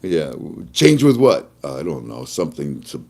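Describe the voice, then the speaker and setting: A man hosting a casual live-stream talk show, animated, often chuckling and drawing out words for emphasis. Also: sits low, unhurried. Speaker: host.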